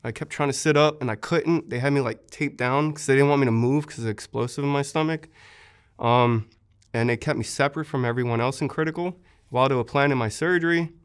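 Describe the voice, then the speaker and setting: Smooth-voiced young man telling a war story. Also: mid-range voice, fairly quick. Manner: vivid, earnest storytelling with many fillers. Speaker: war veteran interviewee. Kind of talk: recounting a war injury in an interview.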